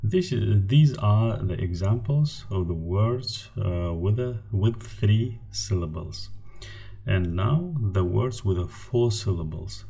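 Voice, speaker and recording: A man teaching a language lesson from slides, patiently repeating each example word slowly. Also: lowish voice, lively intonation, gravelly, mellow, husky.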